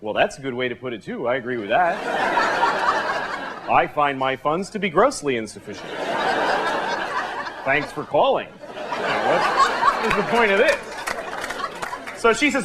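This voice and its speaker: A man performing a deadpan, conversational stand-up routine on a television studio stage. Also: a little high, measured pace, pauses often, a loud crowd. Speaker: stand-up comedian. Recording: live studio audience laughing. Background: audience laughter and room noise.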